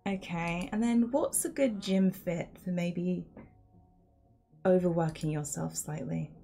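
Slow-talking playful woman streamer. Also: fairly low pitch, gravelly, warm tone, faint music behind. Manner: playful, chatty, talks to the game and chat. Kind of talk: casual live game commentary.

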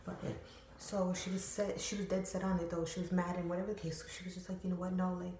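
A young woman tells a story from home in a loose, rambling way. She swears freely and fills her talk with slang. Her voice sits on the low side, and the room gives it a noticeable echo. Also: level tone, fast, darkish tone, slight background noise. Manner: slangy, profane, filler-heavy rambling. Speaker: storytime vlogger. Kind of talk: casual storytelling. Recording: roomy echo.

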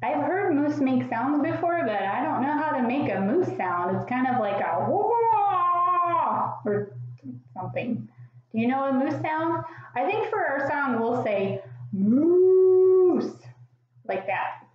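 A woman's voice: high-pitched, sing-song, measured pace, heavy reverb, muffled recording. A woman hosting a preschool sing-along, singing and making playful animal sounds while she asks young viewers questions.

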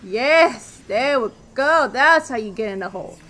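A woman giving let's play commentary on a game she is playing, excitable, with loud exclamations, gasps and casual swearing. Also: fairly high pitch, a little slow, noisy background. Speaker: gaming video creator. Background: faint game music.

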